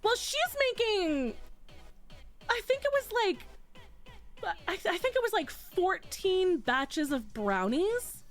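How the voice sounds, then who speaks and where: High-pitched, animated woman streamer. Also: slow, soft background music. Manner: animated, swears freely, laughs often. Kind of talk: casual chat, retelling a book.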